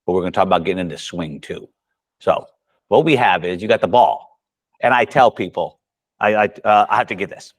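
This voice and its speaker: Animated low-voiced male golf coach. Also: brisk. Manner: animated storyteller acting out dialogue. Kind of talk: coaching seminar talk.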